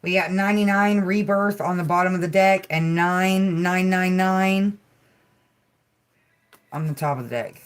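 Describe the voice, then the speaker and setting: A woman hosts a healing livestream, taking her time over every word. Her voice sits a little low, and she moves between gentle, soothing affirmations and easy chat broken up by soft giggles. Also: a little slow, clear, resonant tone. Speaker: livestream host.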